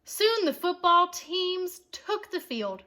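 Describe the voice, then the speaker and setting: A woman reading a children's chapter book aloud, with expressive, playful storytelling and asides to her listeners. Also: very high-pitched, slow pace.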